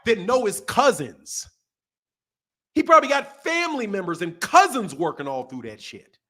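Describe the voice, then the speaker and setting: A man's voice: sits high, big pitch swings, normal speed, fairly bright tone. A man hosting a casual podcast, ranting emphatically and swearing a lot. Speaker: boxing channel host. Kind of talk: casual profane podcast rant.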